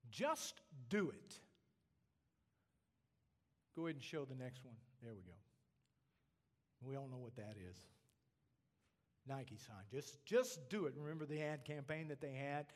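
A male pastor preaching a sermon, swinging between animated points and quiet asides, often checking in with "okay?". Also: mid-range voice, moderate pace, long pauses. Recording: long reverb of a large hall.

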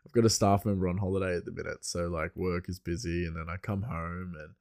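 A man's voice: low-pitched, fairly even intonation, fast, creaky, darkish tone, no echo, studio quality. Chatty Australian man, laughing and rambling. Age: adult with a young son. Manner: chatty, laughs often, meandering asides. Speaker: podcast host. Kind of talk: casual rambling monologue.

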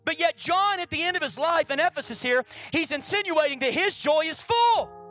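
A pastor delivers a sermon to a church congregation with a notably high voice. The delivery is animated and dramatic, moving between loud stretches and near-whispered ones. Soft music plays faintly underneath. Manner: animated preaching, swinging from loud to hushed. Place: church service.

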